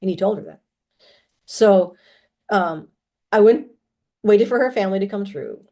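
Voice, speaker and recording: Woman just talking, rambly, keeps restarting, clears her throat a lot, mid voice. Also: mid-range voice, a little slow, mellow. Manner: rambling, many restarts and repeated words, clears throat often. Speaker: channeler telling personal stories. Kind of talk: casual spoken monologue.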